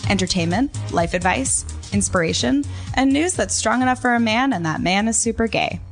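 A woman co-hosting a scripted comedy podcast, giving dry, understated deadpan lines. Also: fairly high pitch, normal speed, soft background music. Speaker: podcast co-host.

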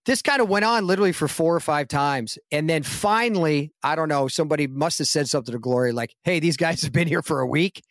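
Fast and with few pauses, a man with a voice on the high side recounts a long anecdote as a guest actor in a casual podcast interview. He animatedly performs the quotes in a lifted voice, captured as clean studio sound with no echo.

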